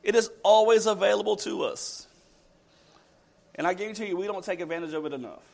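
High-voiced preacher giving a sermon. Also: male voice, a little fast, vocal fry, darkish tone.

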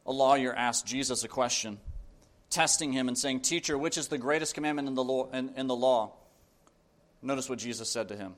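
Man, preacher, sermon, earnest, emphatic, repeats phrases, mid pitch. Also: fairly quick.

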